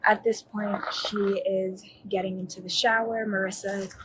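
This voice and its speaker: On a police bodycam recording with background noise, a young woman who is a college student recounts events to an officer. Her voice is medium-pitched and level at a moderate pace, and her account rambles, full of fillers, restarts and self-corrections.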